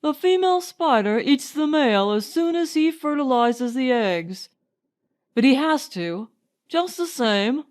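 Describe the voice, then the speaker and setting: A woman's voice: a little high, animated, slow, darkish tone. A woman voicing a young British army officer who talks dreamily and earnestly. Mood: dreamy.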